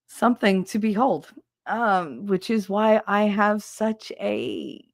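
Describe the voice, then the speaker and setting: In studio-quality audio with no room sound, a middle-aged livestream host reads viewer comments aloud and chats easily, laughing through her stories and performing the lines she quotes. She speaks with a fairly low, slightly bright voice.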